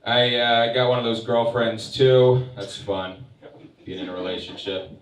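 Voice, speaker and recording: A young man performing a stand-up comedy set, telling stories in a wry, deadpan way with sarcastic asides. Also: mid-range voice, unhurried. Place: comedy club stage. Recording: echoey room picked up from a distance.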